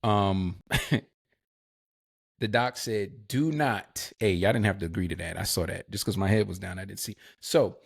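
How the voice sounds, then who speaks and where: Man, podcast co-host, low voice, gravelly, casual slang, animated storytelling. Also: unhurried. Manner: animated storyteller, acts out quoted dialogue. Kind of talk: storytelling in a live podcast chat.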